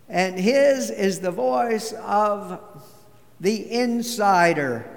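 Slow, high-voiced preacher. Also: male voice, vocal fry. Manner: measured, deliberate preaching with storytelling. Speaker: pastor. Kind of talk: sermon. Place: church sanctuary. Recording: long church reverb.

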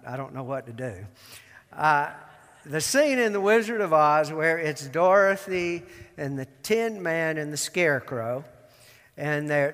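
A pastor from Georgia delivers a sermon in a fairly high, slightly bright voice. He's folksy and self-deprecating and acts out lines from films, and the recording carries a long hall reverb.

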